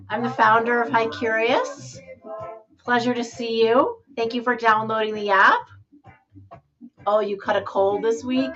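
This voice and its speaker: A woman's voice: a little high, a bit bright. A middle-aged woman hosting a live stream, chatting in a bubbly way and greeting viewers by name. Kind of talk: casual live-stream chat. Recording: dull lo-fi sound with faint music.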